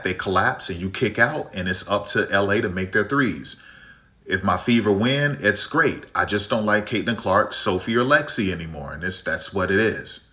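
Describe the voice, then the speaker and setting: A man's voice: fairly low pitch, sharp tone. A man from Chicago streaming a basketball game, ranting bluntly with strong opinions and a habit of tagging "right?". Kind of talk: live game-watch commentary and rant.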